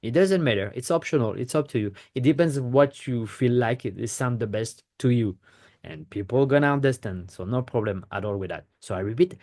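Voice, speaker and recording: A native French speaker from France, this man teaches languages and gives a pronunciation lesson to camera. His medium-pitched, darkish voice moves briskly as he explains things patiently, step by step, checking in often.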